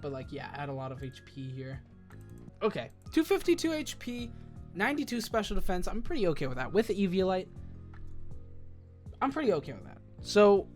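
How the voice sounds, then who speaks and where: A man with a fairly high-pitched voice offers casual, wandering commentary while putting together a competitive team. He thinks out loud, corrects himself, and uses plenty of fillers.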